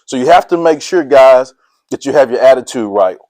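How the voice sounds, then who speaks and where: Middle-aged male motivational speaker, casual and energetic, quizzes the team, mid-pitched voice, no room echo. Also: a little fast. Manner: energetic, casual slang, quizzes listeners, laughs often. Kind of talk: motivational talk to a sports team.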